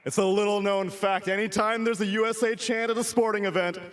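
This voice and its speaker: A man from the United States hosting a live esports event, energetic and joking. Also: high voice, fairly quick, very noisy. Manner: energetic, joking, hyping the crowd. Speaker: esports broadcast host. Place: convention center stage. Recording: loud live crowd behind.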